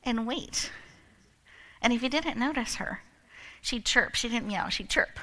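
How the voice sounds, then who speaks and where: A woman's voice: fairly high pitch, unhurried. A woman emceeing a live event, telling a playful story and leading the audience with lots of laughter. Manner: animated, laughs often, leads the crowd.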